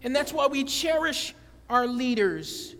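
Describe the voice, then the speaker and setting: A man's voice: extremely high pitch, expressive, measured pace, a bit bright. A man preaching a sermon, conversational and joking, often asking the congregation questions. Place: church sanctuary. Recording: long church-hall reverb.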